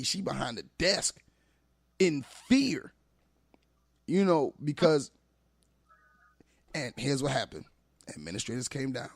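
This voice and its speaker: A man who works as a teacher, talking as a guest on a podcast, telling animated, emphatic stories. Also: medium pitch, creaky, no echo. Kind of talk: casual podcast conversation.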